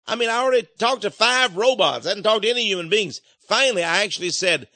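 A man's voice: sits high, lively intonation, fast, hardly any pauses, bright, forceful tone, no room sound. A man talking to his listeners in an emphatic, rambling monologue, now and then acting out other voices. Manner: emphatic, rambling, acts out robot and caller voices.

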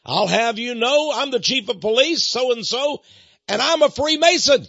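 Man doing an indignant small-town police chief, high gravelly voice, husky, loud, dull dry recording. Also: expressive, unhurried, dry recording, exaggerated voice.

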